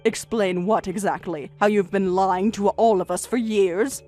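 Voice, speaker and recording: A woman voicing a calm, firm older grandmother in a narrated story, speaking in a measured, steady way over faint music. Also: mid-range voice, lightly acted.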